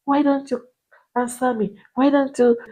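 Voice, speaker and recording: A woman's voice: high voice, fairly even intonation, normal speed, mellow, pitched above the performer's own voice. A woman voicing a tearful wife begging her husband, wailing one question after another. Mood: pleading.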